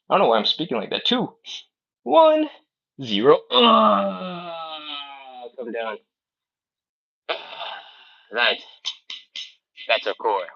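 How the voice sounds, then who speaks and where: A man leading a live stretching class, counting down reps, coaching and joking, with sighs between sets. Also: medium pitch. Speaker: fitness instructor. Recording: slightly dull lo-fi stream audio.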